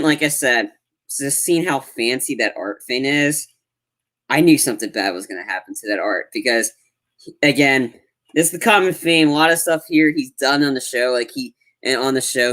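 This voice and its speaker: Mid-pitched man rambling about a film. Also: normal speed, a bit bright. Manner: loose, rambling, filler-heavy talk. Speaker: podcast co-host. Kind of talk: casual movie review chat.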